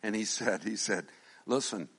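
A middle-aged male pastor preaching a sermon, animated, swinging from shouted lines to quiet asides and joking with the congregation. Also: lowish voice, normal speed, vocal fry, slightly rough. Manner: jokes with the congregation.

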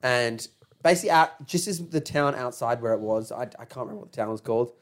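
A man's voice: medium pitch, quick pace. A young man telling a rambling, laughing anecdote in a casual podcast chat, restarting his sentences as he goes. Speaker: podcast co-host.

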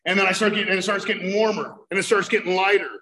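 A man's voice: high voice, fairly even intonation, rapid-fire, bright, forceful tone, low-quality recording. A man giving a personal recovery talk, telling his story with emphatic outbursts and vivid storytelling. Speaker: recovery speaker.

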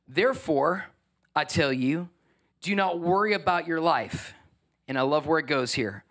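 A man with a fairly high, bright-toned voice delivers a sermon as a pastor. He reads scripture and comments on it in an animated, emphatic way, often throwing questions at the congregation. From New York.

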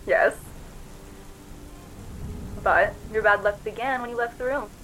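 A woman's voice: a little high, takes it slowly, a bit bright, faint music behind, rough recording. A woman voicing a possessed teenage girl who taunts in an eerie, cackling voice. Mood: gloating. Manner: mocking, singsong taunts. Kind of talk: audio drama acting.

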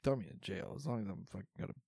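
Gravelly young man, laughing banter. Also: fairly low pitch, very fast, darkish tone, no echo, studio quality. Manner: laughing often, crude joking. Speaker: podcast co-host. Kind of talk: casual chat.

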